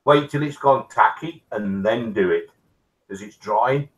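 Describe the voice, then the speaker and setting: Man, co-host, casual chat, halting, rambling explanations. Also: fairly low pitch, low-quality recording. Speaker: co-host, model builder.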